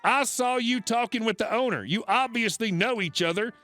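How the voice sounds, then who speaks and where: A man voicing a rude, demanding woman diner with a Southern US accent, talking down slowly as if to a child. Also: extremely high pitch, bright, forceful tone, soft background music, voice pushed up. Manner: condescending, slow and demanding.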